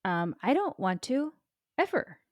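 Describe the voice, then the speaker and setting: A woman co-hosting a podcast, speaking reflectively and haltingly in a candid chat. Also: mid-range voice, lively intonation, no echo, clean studio sound. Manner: reflective, halting, many fillers. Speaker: podcast co-host. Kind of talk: candid casual conversation.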